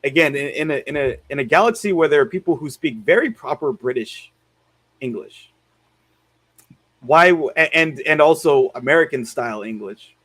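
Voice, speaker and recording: Animated man rambling in a film chat. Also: fairly high pitch, moderate pace, dry recording. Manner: rambling, many fillers and restarts, laughs easily. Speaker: podcast host. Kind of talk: casual film review chat.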